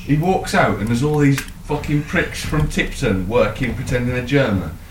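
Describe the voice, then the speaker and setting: A man's voice: medium pitch, normal speed, a little hiss or hum. A man co-hosting a podcast, spinning an improvised story in a casual, sweary way. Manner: sweary, laughing, animated. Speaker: podcast co-host. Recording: echoey room, mic at a distance, faint clicks.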